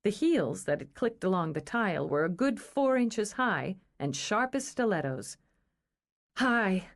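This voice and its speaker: A woman reading a romance novel aloud in a measured, expressive storytelling style. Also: mid-range voice. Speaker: audiobook narrator. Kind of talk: scripted narration.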